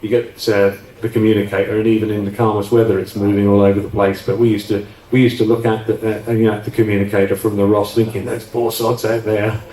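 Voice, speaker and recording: A man's voice: lowish voice, flat delivery, quick pace, few pauses, warm tone. A man being interviewed, reminiscing in a rambling, chatty way with frequent restarts. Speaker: interview guest, former offshore radio DJ. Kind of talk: casual recollection on stage interview. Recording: roomy sound from a distant mic.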